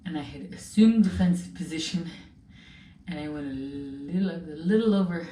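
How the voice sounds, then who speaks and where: A woman with a slightly low voice tells stories in an animated, casual way. She sits a bit back from the mic in a roomy space with a faint hiss underneath. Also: normal speed, recorded from a distance. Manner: animated storytelling. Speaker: host. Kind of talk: casual chat.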